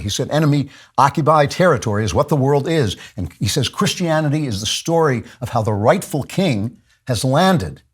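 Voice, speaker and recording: A man's voice: medium pitch, breathy edge. A man hosting a podcast, delivering an impassioned monologue with fervent repetition and frequent restarts. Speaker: podcast host.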